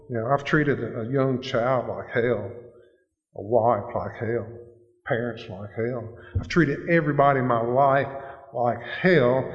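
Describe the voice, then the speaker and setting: A man giving an earnest, plain-spoken personal testimony at a recovery meeting. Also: mid-range voice. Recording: echoey hall, dull lo-fi sound.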